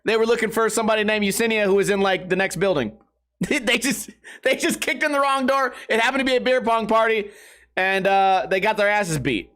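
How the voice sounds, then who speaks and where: A man's voice: sits high, fairly quick. A man in his thirties, a vlog host, telling rambling stories in a slangy, swearing, casual way, laughing often and losing his train of thought. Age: 30s. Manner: slangy and animated when retelling stories.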